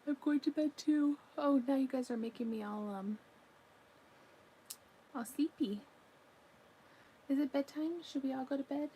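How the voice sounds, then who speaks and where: A crochet crafter chats casually on a livestream from home, reading viewer comments, yawning now and then, and talking to her pet in between. Her high-pitched, dark-toned voice moves at a measured pace with long pauses, over slight background noise and poor audio.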